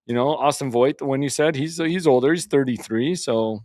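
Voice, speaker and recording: Male co-host, mid pitch, dry close mic, casual banter. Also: a little mellow, no room sound. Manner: conversational, quick to laugh. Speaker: sports talk co-host. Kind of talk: casual sports talk.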